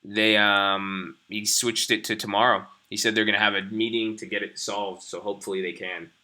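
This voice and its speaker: A man's voice: fairly low pitch, level tone, moderate pace, pushed and bright. A young man hosting a live stream, rambling casually and profanely as he talks to his viewers. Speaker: stream host.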